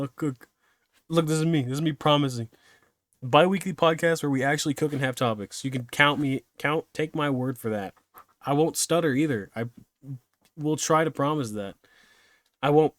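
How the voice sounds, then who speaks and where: Young man, solo podcast host, rambling chatty talk, quick to laugh at himself, dry close sound. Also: mid-range voice, fairly bright tone, no room sound. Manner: rambling, self-deprecating, laughs easily.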